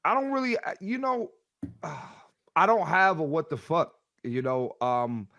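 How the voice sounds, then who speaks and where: A man co-hosting a casual podcast, his voice pitched a bit high. He talks with heavy slang and keeps hammering the same phrases. The sound is dry and close. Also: animated, a little slow, a bit bright, dry recording. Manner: emphatic, repeats himself, heavy slang. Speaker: podcast co-host.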